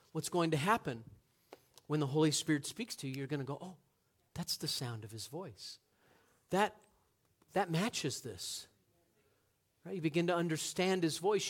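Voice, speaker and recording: A man preaching a sermon in an earnest manner, moving from hushed passages to loud, emphatic ones. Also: a little high. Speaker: pastor.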